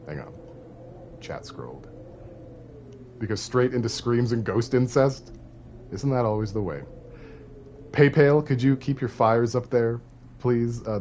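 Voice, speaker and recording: A man's voice: lowish voice, darkish tone, slight background noise. A man streaming a horror video game, chatting casually with his viewers, playfully boastful and laughing often. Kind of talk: casual live-stream commentary.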